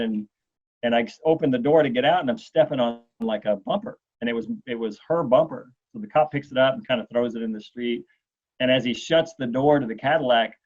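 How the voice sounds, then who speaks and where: A man in his forties, a guest telling a long anecdote in an interview, animated and acting out what others said. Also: mid-range voice. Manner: animated storyteller, acts out quotes. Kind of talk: storytelling in an interview. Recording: dull lo-fi sound.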